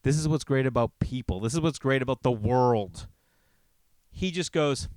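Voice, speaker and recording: A man's voice: normal speed, clean tone, dry recording. A man hosting a podcast, telling rambling comedic stories with lots of swearing and acting out other people's lines. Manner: animated, profane, acts out quotes in a higher voice. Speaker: podcast host.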